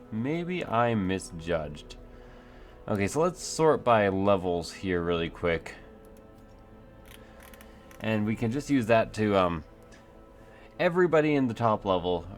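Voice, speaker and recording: Low-voiced man rambling through gameplay. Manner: rambling, self-mocking, thinks aloud with fillers. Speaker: let's play host. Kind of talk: casual gameplay commentary.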